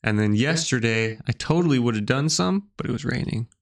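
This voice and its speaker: Man, podcast co-host, casual chat, rambling, mid-pitched. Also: expressive, a little fast, echoey room. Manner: rambling storyteller with false starts.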